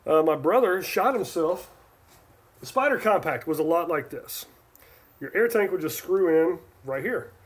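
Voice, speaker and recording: A man from Northern California chats through a relaxed live stream, reading out viewer questions and answering them one by one. His voice sits a little high for a man, and he rambles, trailing off and restarting his sentences. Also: slightly rough. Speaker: livestream host.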